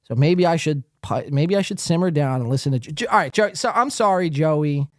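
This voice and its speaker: A man hosts a live podcast, firing profane, taunting insults at a viewer as he reads the chat aloud. His pitch swings widely between mocking highs and low growls. The sound is dry and close, with no room around it. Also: lively intonation, brisk, dry recording. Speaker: podcast host. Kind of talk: live stream rant reading chat.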